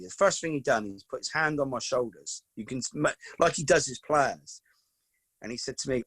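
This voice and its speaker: A man in his forties, swapping casual stories as a guest, full of "mate" and "you know what I mean". His voice is mid-pitched and sits close and dry, with hardly any room around it. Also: brisk, fairly bright tone, no room sound. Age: 40s. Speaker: podcast guest, football coach. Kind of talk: casual storytelling chat.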